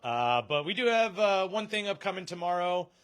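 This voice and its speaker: A man's voice: high-pitched, very animated, moderate pace, a bit bright, clean tone. A man hosting a casual live stream from a comic shop, joking and laughing often.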